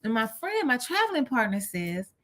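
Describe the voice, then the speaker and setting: Woman host telling a story, kinda high voice that jumps all over, super animated. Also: moderate pace. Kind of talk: personal storytelling.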